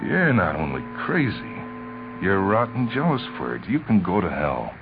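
A man voicing a brash, excitable male bike shop partner who blusters loudly, on a tinny old radio recording. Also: deep voice, a little slow, background noise, voice pushed up, exaggerated voice. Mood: angry. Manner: loud, eager, blustering.

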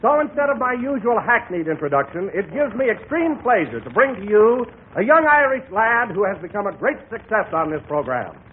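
Booming old-time radio announcer man. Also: very animated, brisk, few pauses, slight background noise. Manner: booming, formal announcer delivery. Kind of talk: radio show announcing and comedy banter. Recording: tinny old radio broadcast.

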